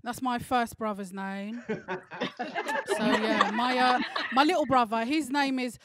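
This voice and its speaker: A woman's voice: on the high side, steady tone, a little slow, heavy background noise. A young woman performing a cheeky, chatty stand-up comedy set with punchy delivery. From London. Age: young adult. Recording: laughter from a virtual audience.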